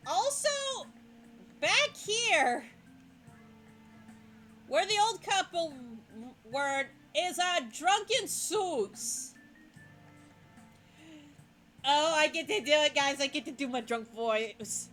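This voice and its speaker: A woman's voice: sits high, expressive, takes it slowly, a bit bright, faint music behind. A woman giving casual, chatty gameplay commentary, often stopping to correct herself. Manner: chatty, self-correcting, laughs easily. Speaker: let's play host.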